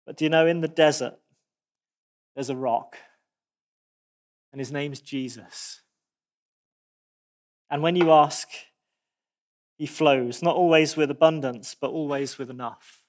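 A man preaching a sermon, expressive, with dramatic pauses and animated asides. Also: a little high.

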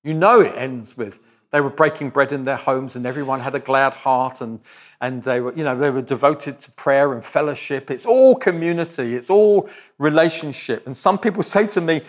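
A man's voice: fairly high pitch, normal speed. A man preaching as a visiting speaker, direct and conversational, with joking asides to the congregation. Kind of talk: sermon.

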